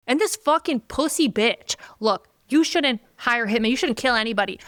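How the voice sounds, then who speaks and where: A woman on a true crime podcast, venting in a fiery, profane rant. Her voice sits a little high, smooth and clear, though it is going hoarse from the outburst. The sound is close and dry. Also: a bit bright, no room sound. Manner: profane, heated ranting.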